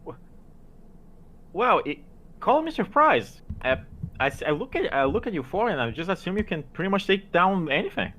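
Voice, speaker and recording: A man's voice: high voice, very animated, normal speed, fairly bright tone. Stammering man playing a tabletop game. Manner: hesitant, stammering, joking. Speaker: player.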